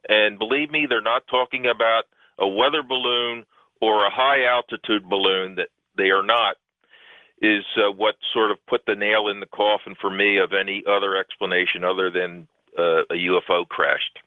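A man's voice: on the low side, steady tone, moderate pace, no room sound. A man, a guest researcher, talks at length in a radio interview, rambling and emphatic with many fillers. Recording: tinny phone line, dry.

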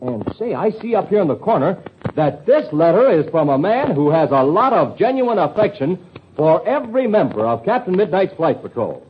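A man's voice: high voice, slight background noise. A male radio announcer addressing young listeners in a chummy, upbeat 1940s style. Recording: lo-fi old radio recording.

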